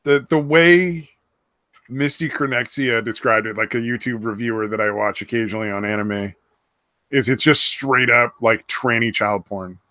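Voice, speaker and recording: A man's voice: medium pitch, normal speed, sharp tone, no echo. A man chatting casually on a podcast, rambling, swearing freely and trailing off mid-thought. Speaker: podcast host. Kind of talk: casual chat.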